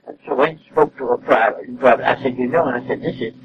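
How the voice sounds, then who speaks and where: A woman's voice: a bass voice, fast talker, dull audio. An older woman telling a story in an interview at her home, acting out remembered dialogue. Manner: animated, acts out remembered dialogue. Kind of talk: casual storytelling. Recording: distant mic, faint hiss.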